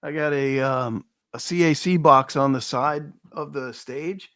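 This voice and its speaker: A man's voice: fairly high pitch, measured pace. Man chatting loosely on a stream. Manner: loose, animated chatter with hesitant fillers. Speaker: co-host. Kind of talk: casual livestream chat.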